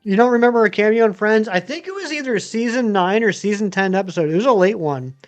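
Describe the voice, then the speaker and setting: Male streamer in his thirties, high voice, rambling chat with viewers, faint music underneath. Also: lively intonation, fast talker. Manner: rambling, chatty, many ums and uhs. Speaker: game streamer. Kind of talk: casual live-stream chat answering viewers.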